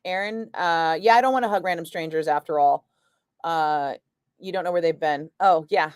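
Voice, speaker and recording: Chatty low-voiced woman streamer. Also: moderate pace, no room sound, clean studio sound. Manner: chatty, wry, swears casually. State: battling a migraine. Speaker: radio host streaming live chat. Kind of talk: casual livestream chat reading comments.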